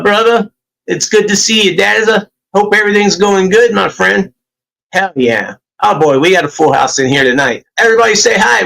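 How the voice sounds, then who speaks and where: A man hosts a casual livestream from home over a computer mic. His voice is bright and sits a little high, and he keeps the talk friendly and upbeat as he greets viewers by name. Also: gravelly, poor audio. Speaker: livestream host.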